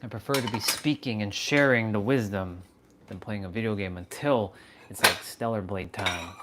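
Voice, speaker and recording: A man hosting a rambling motivational live stream, dropping to low murmurs and then pushing words out slowly and loudly for emphasis. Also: very noisy. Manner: swings from low murmurs to loud, slow, drawn-out emphasis; laughs often, casual and self-aware.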